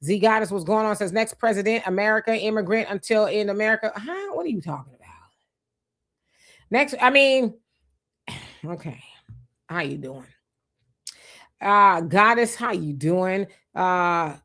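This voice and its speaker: Emphatic woman hosting a livestream. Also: a little high. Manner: emphatic, conversational, asks rhetorical questions. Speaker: livestream host. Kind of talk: casual commentary reading viewer comments.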